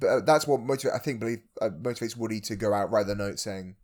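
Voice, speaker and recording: Guy on a podcast telling a movie plot, kinda halting, lots of uhs. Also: lowish voice, darkish tone. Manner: hesitant, halting, with many fillers. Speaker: podcast co-host. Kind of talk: casual chat retelling a film.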